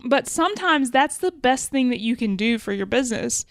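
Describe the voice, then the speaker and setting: Speaking at a moderate pace, a woman with a fairly high, expressive voice discusses business lessons on the podcast she co-hosts. Originally from Alabama, USA, she keeps it conversational, thinking aloud and fixing her wording as she talks, with no room sound.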